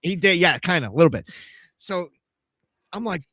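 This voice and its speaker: Brief: male podcast host, swearing storyteller, rather high voice with a wide swing, dry close sound. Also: normal speed, pauses often, breathy edge, no echo. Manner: profane, animated storyteller acting out voices. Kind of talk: casual live podcast storytelling.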